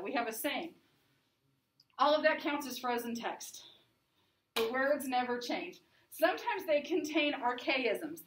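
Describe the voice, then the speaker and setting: In a slightly high, fairly bright voice, a woman delivers a class lecture with a casual, conversational feel. She keeps checking in with "right?" and "okay?", and her voice comes from a distance in a room with lots of echo.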